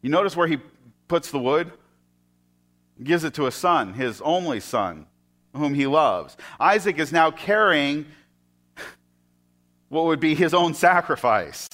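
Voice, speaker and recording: A man preaching a sermon. He retells a scripture story and often drops into soft, hushed tones. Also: a little high, expressive, a little slow, long pauses.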